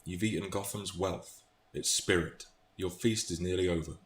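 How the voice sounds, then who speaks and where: A British man voicing a dark male vigilante who addresses corrupt elites with slow, measured menace. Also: deep voice, natural voice. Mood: menacing. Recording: echoey room, faint noise.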